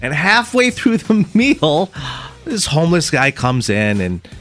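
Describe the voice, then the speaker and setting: A man hosting a morning radio show, telling a story in a casual, animated way and laughing as he goes. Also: fairly high pitch, unhurried, soft background music.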